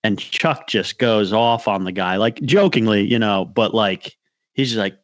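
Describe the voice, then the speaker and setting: A podcast co-host with a lowish voice and a measured pace recounts a fishing trip in loose, casual conversation. He wanders through the story, starts over at points, and voices the quotes of others. The recording is dry.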